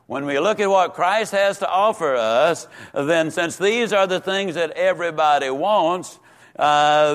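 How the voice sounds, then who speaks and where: A man teaching a Sunday school lesson in a folksy, emphatic way, slowing down and repeating words for stress. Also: fairly high pitch.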